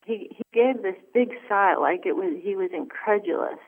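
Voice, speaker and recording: Earnest woman on a tinny phone line. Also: medium pitch. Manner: earnest, halting with fillers. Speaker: phone-in guest. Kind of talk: personal storytelling.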